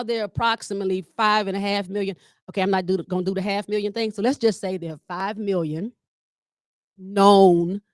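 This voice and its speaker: Woman comedian, mid-pitched, animated storyteller who works the room; dry, close recording. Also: dry recording. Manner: lively storyteller who addresses the audience directly; acts out quoted dialogue with big pitch jumps. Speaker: comedian and family caregiver leading a workshop.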